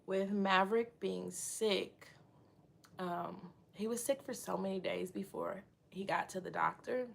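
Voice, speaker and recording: Chatty woman with a gravelly edge. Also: medium pitch, measured pace, slight background noise. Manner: chatty, reads and answers comments aloud. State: tired and sick, voice a little rough. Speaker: vlogger. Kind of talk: casual chat while doing her hair.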